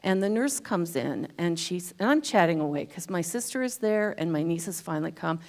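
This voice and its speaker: A woman's voice: fairly low pitch, expressive, moderate pace. A woman giving a talk at a spiritual center, telling a personal story in a chatty way with self-deprecating humor. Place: church hall.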